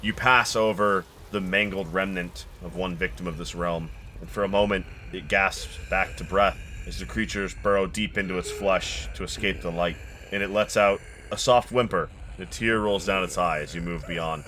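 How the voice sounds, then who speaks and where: A man narrating as game master of a tabletop game, slow and deliberate, building a grim atmosphere. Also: deep voice, steady tone, sharp tone, a little hiss or hum.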